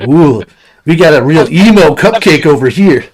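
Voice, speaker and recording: A man's voice: fairly high pitch, animated, moderate pace, crowd noise, pitched above the performer's own voice, lightly acted. A man playing a friendly, overfamiliar guy in an attempted Brooklyn accent, joking as he talks. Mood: chummy. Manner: jokey, laughing, overfamiliar. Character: friendly swaggering guy, folksy and chummy.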